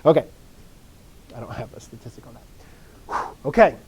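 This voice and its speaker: A man's husky, mid-range voice carries a darkish tone as he teaches Greek grammar online, animated and at a moderate pace. He goes step by step, quizzing students and encouraging their answers.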